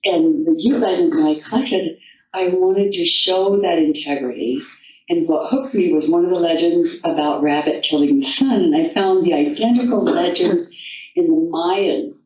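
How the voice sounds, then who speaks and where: A woman storyteller at a festival, recounting an old legend and her own life in an unhurried, rambling way. Her voice sounds distant and roomy, with the muffled sound of a dull recording. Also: fairly low pitch, darkish tone. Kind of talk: told folktale and personal anecdote. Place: festival venue.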